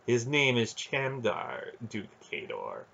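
A stern, powerful sorceress, as a man reads her, speaking in a cool, flat, commanding way. The voice is husky with a sharp edge, and the recording is dull and lo-fi. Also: medium pitch, takes it slowly, full character voice. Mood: cold.

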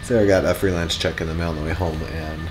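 A young man vlogging in casual chat at night, relaxed and joking. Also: low-pitched, fast, noisy background.

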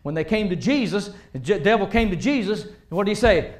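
Man preaching a sermon, pretty high voice, big echo off the church walls, goes loud then soft. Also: brisk. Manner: animated, rising and dropping between loud emphasis and quiet asides.

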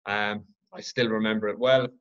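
A man from Ireland hosting his own podcast, telling a personal story in an earnest, reflective, halting way. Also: lowish voice, little pitch movement, fairly bright tone, smooth, highs cut off. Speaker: podcast host.

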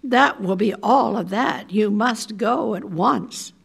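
A loud, scheming office woman barks her orders in a storybook tale, put on by an older woman reading aloud. The voice is gravelly and husky, and it moves at an unhurried pace. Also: mid-range voice, full character voice. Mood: indignant. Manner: loud and bossy. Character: brash scheming middle-aged woman executive.

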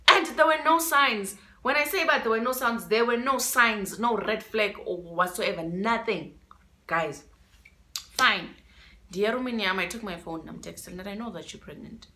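A woman's voice: mid-range voice, normal speed, sharp tone, a little hiss or hum. A young woman with a South African accent telling a story-time vlog, emotional and dramatic, repeating words for emphasis. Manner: emotional and dramatic, switching between English and isiXhosa. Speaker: vlogger.

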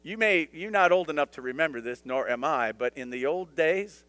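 Higher-pitched man teaching a Bible study. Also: expressive, normal speed, fairly bright tone, smooth, no room sound, soft background music. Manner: conversational, with humorous asides and dramatized scripture voices. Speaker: pastor.

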